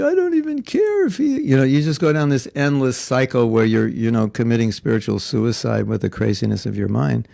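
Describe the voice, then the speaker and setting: A gravelly, slightly mellow mid-range voice belongs to a spiritual teacher giving a devotional class in Alachua, Florida. He talks earnestly and conversationally, a little congested, frequently slipping into quoted voices, with no audible room.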